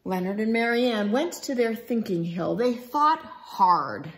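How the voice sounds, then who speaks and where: A woman's voice: on the high side, a little hiss or hum. A woman reading a picture book aloud for young children. She takes her time, and her voice swoops up and down with a lot of expression. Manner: slow, expressive, melodic. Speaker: storybook reader.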